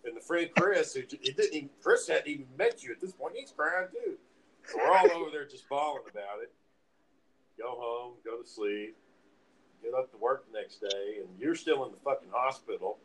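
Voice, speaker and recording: A man's voice: medium pitch, moderate pace, low-quality recording. A man casually telling friends a wild party story, swearing freely and acting out what everyone said. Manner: profane, animated retelling with acted-out quotes.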